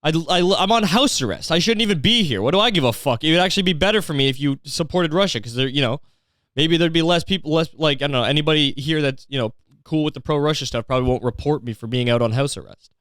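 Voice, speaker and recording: A man's voice: a little high, fast, fairly bright tone, no echo, studio quality, close to an everyday voice. A man voicing a bitter, divorced barfly on house arrest who grumbles and swears. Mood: grumbling. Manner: grumbling, profane.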